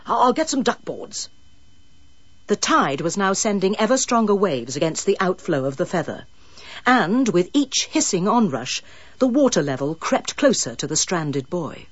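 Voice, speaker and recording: A woman reading an audiobook in measured, dramatic storytelling. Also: on the low side, very animated, husky, no room sound, muffled recording. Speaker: audiobook narrator. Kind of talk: scripted narration.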